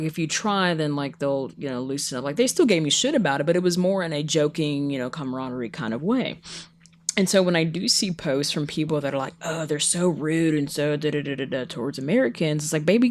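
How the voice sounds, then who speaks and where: A woman's voice: low voice, darkish tone. A woman co-hosting a podcast in casual chat, telling stories animatedly and acting out the people she quotes. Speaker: podcast co-host.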